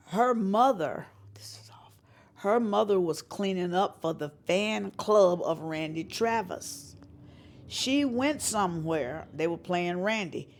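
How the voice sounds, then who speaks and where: Animated woman telling stories. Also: fairly low pitch. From North Carolina. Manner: acts out quoted voices, lively and emphatic. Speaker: interviewee, singer and showcase organizer. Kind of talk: animated storytelling interview.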